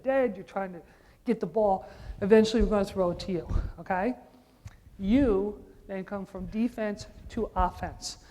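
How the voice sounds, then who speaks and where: A woman basketball coach running a clinic, giving brisk commands and repeating urgent calls as players run drills. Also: medium pitch, a little mellow. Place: large indoor gym. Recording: long echoing gym reverb.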